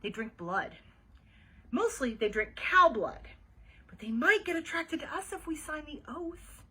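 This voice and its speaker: A woman's voice: high-pitched, very animated, measured pace, pushed and bright, pitched above the performer's own voice, full character voice, poor audio. A woman reading aloud and voicing a serious, imaginative little girl who tells spooky secrets earnestly.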